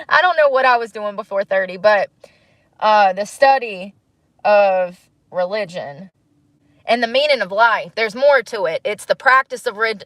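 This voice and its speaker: Woman, thirties, casual vlog monologue, reflective, animated, laughs, mid pitch, dry sound. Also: no echo. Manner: musing, animated, laughs often. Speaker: vlogger.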